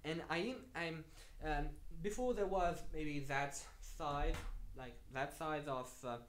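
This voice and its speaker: A man's voice: a little high, slow. A man with a French accent, a native French speaker, chatting casually with viewers on a live stream while he builds, rambling and hesitant. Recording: echoey room with faint noise.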